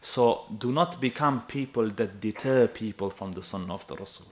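Man, 30s, preacher, sermon, low pitch, emphatic, animated. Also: normal speed. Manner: animated and emphatic, with asides to the audience.

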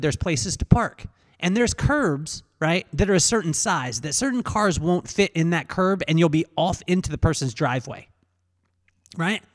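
A man hosting a podcast interview, telling stories in a loose, animated way and laughing as he talks. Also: a little high, long reverb tail. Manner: animated storyteller, laughs while talking. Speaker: podcast host. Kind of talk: casual interview chat.

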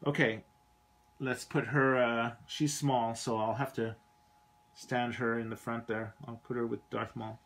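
A man's voice: medium pitch, level tone, measured pace, vocal fry. A Canadian man hosting a live toy review stream, chatting casually and rambling, often trailing off mid-thought.

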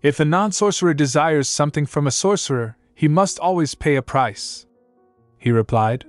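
A man reading a scripted story recap in an even, measured way. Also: on the high side, dry recording. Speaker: narrator. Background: faint music.

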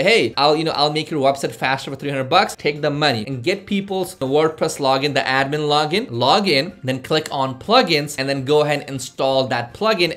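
A man's voice: a little high, fairly bright tone. A man hosting his own channel, giving a casual, hyped-up how-to talk full of punchy rhetorical questions. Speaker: online-business channel host.

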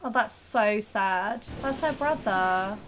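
A woman's voice: mid-range voice, slow, background noise. A woman commenting while playing a video game, reacting aloud in a chatty, exclaiming way. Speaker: gamer. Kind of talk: let's-play commentary.

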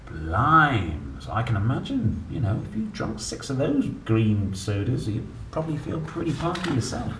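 A man's voice: lowish voice, sing-song, moderate pace, hardly any pauses, recorded from a distance, background noise. A man reading a children's picture book aloud, with playful, chatty asides about the pictures. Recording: roomy echo, mic set back.

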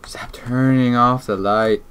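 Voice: medium pitch, fairly even intonation, slow pace, a bit bright, smooth. A gamer giving let's-play commentary, jumpy, talking to themself and swearing often. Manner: jumpy, swears and talks to self. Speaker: gamer playing a horror game.

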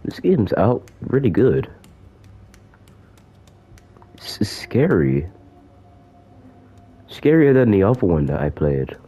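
A man's voice: on the low side, sing-song, takes it slowly, long pauses, dark tone, breathy edge. A man giving joking commentary as he plays a horror game, talking to the character chasing him. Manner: jokey, talks to the game's villain. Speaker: gaming YouTuber.

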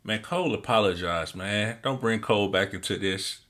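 A man with a fairly low voice reacts to a new track in casual commentary. He talks with excitement and keeps quoting lines back before giving his take. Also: moderate pace, hardly any pauses. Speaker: music reaction host.

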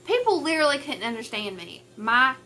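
Bright-voiced, chatty Southern woman. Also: high-pitched, sing-song, brisk, a little hiss or hum. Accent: rural Southern US. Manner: chatty and rambling, self-deprecating. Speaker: craft vlogger. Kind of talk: casual chat to camera. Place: at home, at a table. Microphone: camera on a tripod with a ring light.

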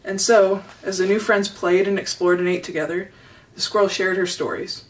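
Woman reading a kids book out loud, steady and gentle, mic kinda far away. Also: mid-range voice, normal speed. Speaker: storybook reader. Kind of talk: reading a children's novel aloud.

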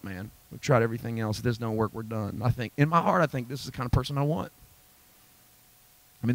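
A man preaching a sermon at a church Bible study, emphatic and folksy, dropping to low asides and climbing to high exclamations. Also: pushed and bright, no room sound. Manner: folksy, self-deprecating humor. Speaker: pastor.

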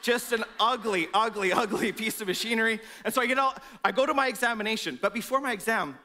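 Man, pastor preaching a sermon, high pitch, bright tone, animated storytelling, acts out voices. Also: quick pace. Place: church.

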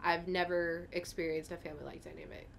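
Low-voiced young woman, candid and rambling. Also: steady tone, fast talker, gravelly, slight background noise. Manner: candid, emotional, rambling with fillers. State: tearing up. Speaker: interview guest. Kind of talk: casual interview talk.

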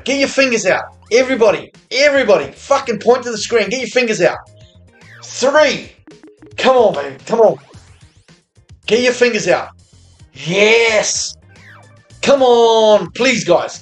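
An Australian man streaming slot games, swearing constantly and cheering loudly at the screen in casual live commentary. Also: sits high, measured pace, faint music behind. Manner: profane, excitable, cheers at the screen. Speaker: slots streamer.

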